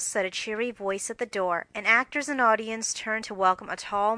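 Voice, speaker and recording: A woman narrating an audiobook with expressive, measured storytelling. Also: medium pitch, dry recording, poor audio. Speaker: audiobook reader.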